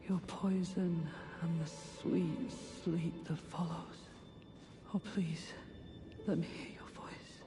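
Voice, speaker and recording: An actor playing a soft-spoken male knight who craves poison and sleep, in whispered role-play with a breathy voice. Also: on the high side. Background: game music.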